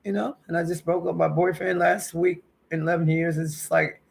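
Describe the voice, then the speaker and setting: A woman's voice: fairly low pitch, fairly even intonation, a little fast, creaky, darkish tone, breathy edge. A woman in her fifties hosting a casual home livestream, chatty and emotional, calling her viewers honey and baby. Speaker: livestream host. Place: at home indoors.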